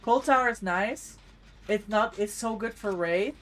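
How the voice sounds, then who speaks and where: A woman's voice: mid-range voice, measured pace, fairly bright tone. A woman streaming a game, commenting on her play to herself with panicky outbursts. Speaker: streamer and competitive player. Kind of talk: live gameplay commentary.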